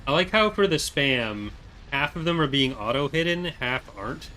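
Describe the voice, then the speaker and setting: A man's voice: mid-range voice, expressive, moderate pace, pushed and bright, slight background noise. A man giving casual, chatty gameplay commentary with wry, jokey asides, talking into a desk mic. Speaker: gaming YouTuber.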